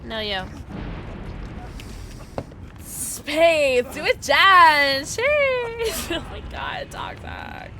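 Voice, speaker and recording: A woman streaming a video game who chats casually with her viewers, giggly, loud and excitable, and high on edibles. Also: very slow, hardly any pauses, noisy background. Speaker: streamer and voice actor. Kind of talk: casual game livestream chat.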